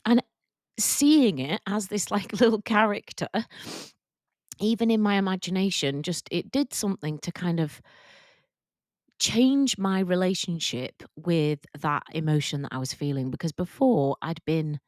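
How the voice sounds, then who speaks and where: A woman podcast host talks through a personal experience, candid and reflective. Her voice sits a little low and she lets her feelings show softly. The recording is close and dry, with no room sound. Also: measured pace, no room sound. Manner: soft, reflective and openly emotional, with casual fillers. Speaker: podcast host and work confidence coach.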